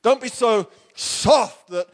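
A man's voice: extremely high pitch, takes it slowly. A man preaching a sermon as pastor, talking directly and emphatically and firing rhetorical questions at his listeners.

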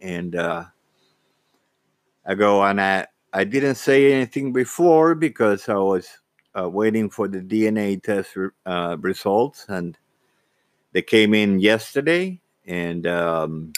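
A man telling a personal story casually, halting, with frequent restarts and repeated words. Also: on the low side, expressive, no room sound. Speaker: vlogger.

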